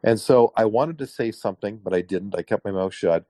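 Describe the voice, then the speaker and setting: Canadian guy telling his story on a podcast, lowish voice, dry mic, does little voices for the people in it. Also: fairly quick, no echo. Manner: animated storyteller, acts out quoted voices. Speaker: guest. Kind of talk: casual interview storytelling.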